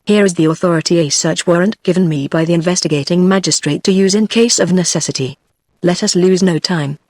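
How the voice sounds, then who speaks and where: British tts lady reading a pushy young detective guy, even and flat, dry. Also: on the low side, a little fast, dry recording, close to an everyday voice. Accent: British English. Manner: even synthetic delivery. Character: young male detective, anxious and pressing.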